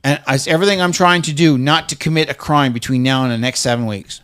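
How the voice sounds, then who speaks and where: A man telling heated stories in casual podcast chat. He talks quickly and bluntly, with profanity in nearly every line. Faint music plays behind his voice. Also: mid-range voice, fairly bright tone, smooth. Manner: blunt, heated storytelling, swears constantly. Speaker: podcast co-host.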